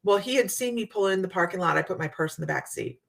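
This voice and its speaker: Gravelly chatty woman telling stories. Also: medium pitch, expressive, fast. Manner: chatty storytelling, Southern US "y'all". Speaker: psychic medium host. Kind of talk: casual live chat with viewers.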